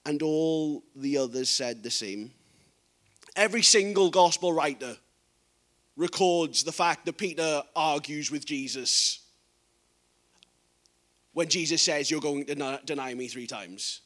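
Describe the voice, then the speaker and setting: A man delivers a sermon in a noticeably high voice. He reads scripture passages softly, then builds to forceful, emphatic preaching. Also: measured pace, pauses often.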